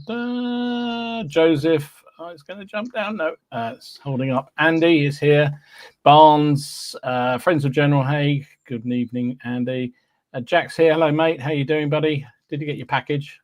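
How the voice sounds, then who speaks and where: A man's voice: on the high side, no room sound. A man hosting a live podcast, chatting easily and greeting listeners one by one, with lots of fillers and little hums. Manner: chatty and easygoing, with many fillers and humming. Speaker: podcast host. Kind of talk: casual live-stream chat, reading out viewer names.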